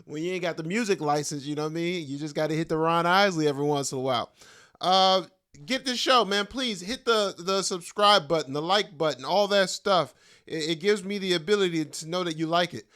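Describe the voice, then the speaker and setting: This middle-aged stand-up comic hosts his own podcast, rambling casually and making fun of himself in loose, slangy talk. His voice is fairly high, fairly quick, smooth, and fairly bright in tone.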